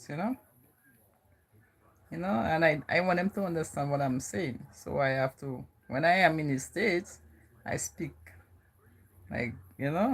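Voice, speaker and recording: A young woman from the Virgin Islands with a Virgin Islands accent, chatting casually and rambling with lots of "you know". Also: sits low. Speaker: vlogger. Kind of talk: casual chat.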